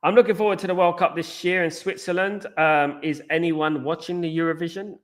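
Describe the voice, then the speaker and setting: A man's voice: on the high side, steady tone, brisk. Man, watchalong host, live football commentary, rambling, casual. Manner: rambling, chatty, goes off on tangents.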